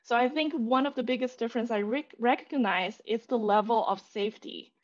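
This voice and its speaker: A woman's voice: fairly high pitch, fairly quick. A woman therapist from China who reflects frankly on her own experience in a casual podcast chat. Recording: muffled lo-fi audio.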